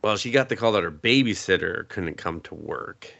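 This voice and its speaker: A woman's voice: rumbling low, animated, gravelly, fairly bright tone, lo-fi sound. A woman co-hosting a podcast, recapping a movie in casual chat with sarcasm and swearing, acting out the characters' lines. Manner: profane, sarcastic, acts out characters in quick voices. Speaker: podcast co-host.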